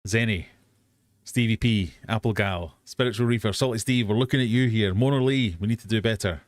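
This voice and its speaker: A fairly low-pitched English man hosting a casual live quiz. He chats easily, mocks himself and wanders off on tangents before reading the next question. The sound is close and dry. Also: fairly quick, no room sound. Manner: chatty, self-mocking, easily sidetracked, bursts into silly sung bits. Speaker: host of a live quiz hangout.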